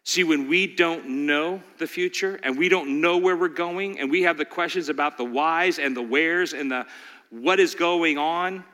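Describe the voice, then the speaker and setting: High, bright-voiced preacher in a hall. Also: male voice, normal speed. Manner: animated preaching, rhetorical questions, acting out voices. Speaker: pastor. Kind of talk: sermon.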